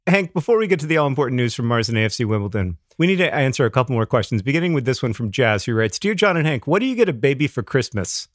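A man's voice: mid-range voice, very animated, fast, hardly any pauses, dry recording. A man co-hosting a podcast in casual chat, wry and rambling, often restarting his sentences. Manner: wry, rambling with self-corrections. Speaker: podcast co-host.

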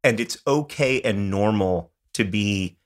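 Low-pitched guy cohost, earnest and self-mocking, lots of restarts. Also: measured pace. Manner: thoughtful, earnest, self-deprecating, with false starts. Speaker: podcast co-host. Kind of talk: casual chat.

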